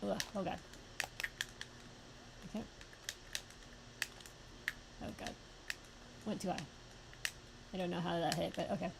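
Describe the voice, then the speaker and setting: A young woman streaming a fighting game, reacting with quick yelps, groans and laughs between plain remarks. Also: fairly low pitch, fairly even intonation, creaky, noisy background. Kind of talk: live gameplay commentary.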